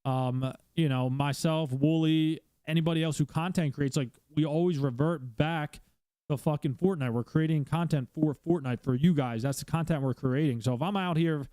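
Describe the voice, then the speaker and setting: A man's voice: a little high, moderate pace, warm tone, clean tone, dry recording. A male streamer hosting his own podcast, giving blunt casual advice with lots of swearing and fillers, talking from a room at home.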